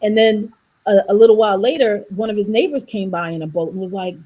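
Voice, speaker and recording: A woman's voice: medium pitch, a little fast, highs cut off. A woman wellness coach on a video call, talking about faith and health and acting out voices when she tells a story. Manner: animated storyteller, preachy, acts out voices in jokes. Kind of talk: faith-based wellness talk on a livestream.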